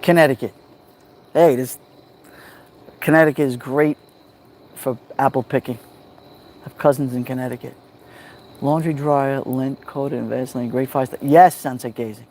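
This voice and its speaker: A man with a New York accent hosting a relaxed livestream from a backyard fire pit at night, greeting viewers by name on a phone. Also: medium pitch, moderate pace, long pauses, a little hiss or hum. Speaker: livestream host. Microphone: phone held near the fire.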